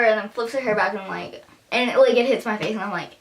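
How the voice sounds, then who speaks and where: A woman's voice: mid-range voice, brisk. A teenage girl telling a story to camera in a chatty vlog, filling her talk with "like" and acting out what people said. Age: teens. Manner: chatty, lots of "like", acts out quotes. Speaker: vlogger. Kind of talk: casual storytime.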